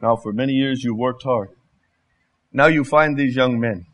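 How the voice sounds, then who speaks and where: A calm, fatherly God speaks in a low, hushed and unhurried way, as a preacher puts him on. The voice sits well below the speaker's usual high tone and stays quiet, gentle and wise. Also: close to an everyday voice.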